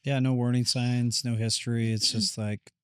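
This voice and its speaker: A man's voice: medium pitch, little pitch movement, moderate pace, fairly bright tone, a little hiss or hum. A man, a therapist guest on a podcast, candidly recounting a hard personal experience and reflecting on what it meant. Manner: reflective, candid, relives moments in quoted speech. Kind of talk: personal storytelling interview.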